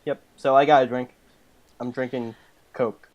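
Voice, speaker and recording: A woman's voice: very deep voice, steady tone, measured pace, a little mellow, muffled recording. A woman hosting a casual podcast chat, teasing and cracking jokes. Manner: teasing, jokey. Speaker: podcast host.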